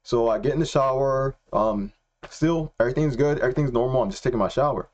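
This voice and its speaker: A young man telling a personal faith story in a casual, excitable way, slangy and repeating himself. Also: medium pitch, fast talker, muffled recording. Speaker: Christian vlogger.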